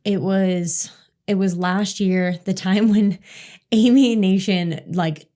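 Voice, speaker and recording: A woman's voice: mid-range voice, fairly even intonation, slow, dark tone. A woman co-hosting a podcast, chatting casually and telling stories, swearing freely. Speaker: podcast co-host. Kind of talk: casual chat.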